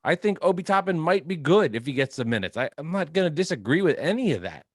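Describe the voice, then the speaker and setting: Calm guy weighing in on a sports podcast, stumbles over starts, dry sound. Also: on the high side, dry recording. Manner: measured, thoughtful, with stammered restarts. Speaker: podcast co-host.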